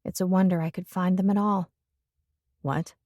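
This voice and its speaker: A woman's voice: fairly low pitch, flat delivery, quick pace, mellow, no echo. Dry, intimate woman audiobook narrator. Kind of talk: first-person romance audiobook narration.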